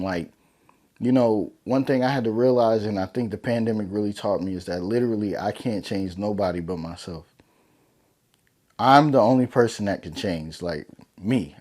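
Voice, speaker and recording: A young man, talking on a podcast in a loose, slangy, conversational way. His voice sits low and sounds dark and mellow. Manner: relaxed, conversational, heavy slang. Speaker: podcast host. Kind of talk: casual solo podcast talk.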